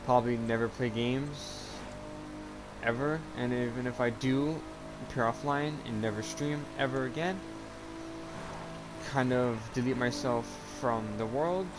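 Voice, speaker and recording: A man talking casually in a personal vlog, halting and rambling with many restarts, earnest and confessional. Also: mid-range voice. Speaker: YouTuber. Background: music playing.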